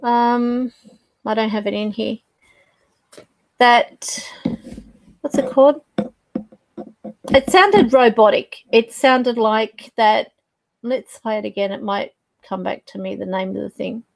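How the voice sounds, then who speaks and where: A woman's voice: on the high side, slow, gravelly, long pauses, no echo. A woman hosting her own channel, talking casually to camera as a psychic medium, rambling and searching for words with fillers. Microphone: desk mic.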